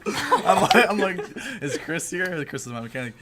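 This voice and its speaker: A young man co-hosting a podcast, telling a story in a casual, animated way, swearing and laughing as he goes. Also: high-pitched, moderate pace, a loud crowd. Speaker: podcast co-host. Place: indoor recording room.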